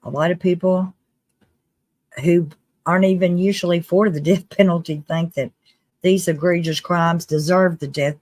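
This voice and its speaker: A live-stream host giving casual commentary in a chatty, earnest way, with restarts and quick laughs. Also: mid-range voice, dry recording. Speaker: livestream host.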